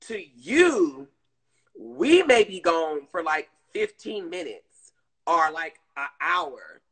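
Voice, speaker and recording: Animated husky woman chatting on a live stream. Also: low-pitched, slow pace, low-quality recording. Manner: chatty, animated, swears freely, talks to viewers as "girl". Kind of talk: casual chat on a live stream.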